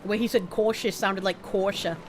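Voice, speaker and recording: A woman's voice: mid-range voice, fairly even intonation, a little fast, noisy background. A woman streamer giving playful, chatty commentary over a game. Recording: game music playing behind.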